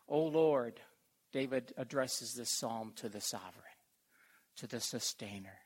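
An older man preaching a slow, heartfelt sermon, his voice gravelly and husky. He reads scripture in an unhurried, halting way and drops now and then into near-whispers. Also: mid-range voice. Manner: slow, halting, emotional delivery with soft whispered stretches.

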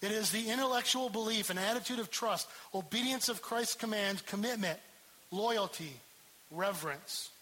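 A man's voice: high-pitched, moderate pace, sharp tone, low-quality recording. A man preaching a sermon as pastor, emphatic and repeating key words for stress.

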